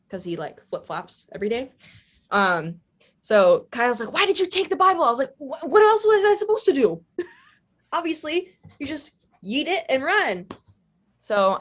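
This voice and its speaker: A young adult woman tells stories on a podcast. She rambles casually and fills her sentences with "like" and "uh". Her voice sits at an ordinary middle pitch. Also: fairly bright tone. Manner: chatty, rambling, many fillers. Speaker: podcast guest. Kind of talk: casual storytelling.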